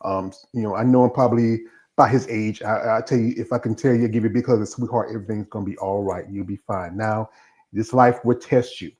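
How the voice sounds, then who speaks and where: A man's voice: medium pitch, warm tone. Folksy male livestream host. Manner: folksy, addresses the audience as "folks". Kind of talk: livestream interview hosting. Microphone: video call.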